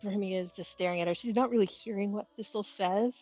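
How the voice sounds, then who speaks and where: A woman's voice: mid-range voice, quick pace, a little mellow, faint music behind. A woman playing a tabletop game, casually describing her character's actions. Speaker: player. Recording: dull lo-fi mic.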